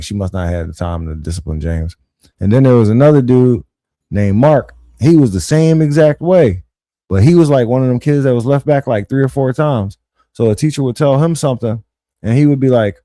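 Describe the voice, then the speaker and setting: With a mid-range voice and no echo, a young podcast host swaps school stories in relaxed, slangy talk. He's animated and acts out the things other people said.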